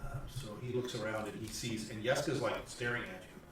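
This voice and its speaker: A man's voice: fairly low pitch, steady tone, fairly quick, fairly bright tone, a little hiss or hum. A man narrating a tabletop game as game master, rambling with fillers and restarts. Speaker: dungeon master. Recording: echoey room from far off.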